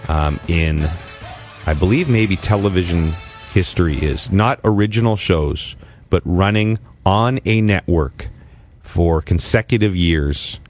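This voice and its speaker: A man's voice: sits low, a little slow, soft background music. A man hosting a podcast in casual, joking chat and sharing trivia. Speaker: podcast host.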